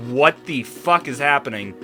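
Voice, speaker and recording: A gaming streamer reading a visual novel aloud and reacting with profane, animated commentary. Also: mid-range voice, normal speed, soft background music.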